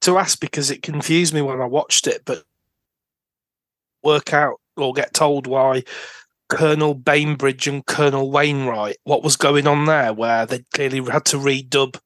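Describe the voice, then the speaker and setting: A man's voice: medium pitch, fairly even intonation, unhurried, a bit bright, no echo. A man in a casual podcast chat who talks freely and asks questions. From United Kingdom. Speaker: podcast co-host.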